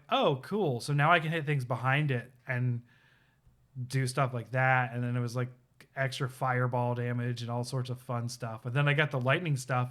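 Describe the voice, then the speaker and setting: A man co-hosting a live stream, telling a game story in casual chat with lots of fillers and acted-out quotes. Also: mid-range voice. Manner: animated storyteller, acts out quotes, many fillers. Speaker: podcast co-host. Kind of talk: casual chat about video games.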